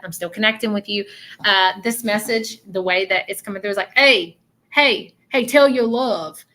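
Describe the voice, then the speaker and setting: A woman's voice: mid-range voice, a bit bright. Earnest woman medium on a livestream. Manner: earnest, repeats "okay?" often. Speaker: psychic medium. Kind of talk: livestream reading to viewers.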